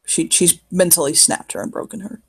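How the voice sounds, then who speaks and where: A player describing a character's actions in a tabletop horror game, halting and casual, swearing freely. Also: medium pitch, steady tone, vocal fry, slightly rough. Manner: halting, casual, swears often, many fillers.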